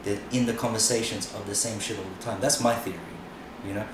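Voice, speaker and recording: A man's voice: on the low side, steady tone, quick pace. A middle-aged man and podcast guest, chatting frankly and swearing freely, with lots of "you know"s. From Australia. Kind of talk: casual chat. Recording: very echoey room, mic far off, noisy.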